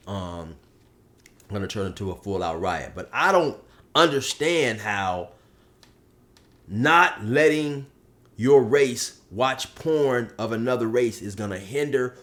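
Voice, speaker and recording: A man telling a comic story in casual street slang, saying man a lot. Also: mid-range voice. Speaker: storyteller, channel host.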